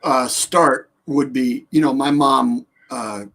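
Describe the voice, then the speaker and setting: A man's voice: medium pitch, steady tone, takes it slowly, gravelly, a bit bright. A man guesting on a casual podcast over a remote call, laid-back and agreeable. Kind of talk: casual chat. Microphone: remote call mic.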